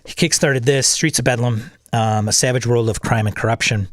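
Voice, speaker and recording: Talking solo about tabletop games, this channel host speaks fairly quickly with medium pitch and fairly even intonation. He rambles, self-corrects, repeats words, and frequently restarts his sentences. The audio is clean studio sound without any room ambience.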